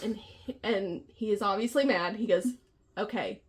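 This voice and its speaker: A woman's voice: medium pitch, normal speed. A woman co-hosting a casual book chat, laughing often as she retells scenes and acts out the characters' lines. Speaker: book podcast co-host.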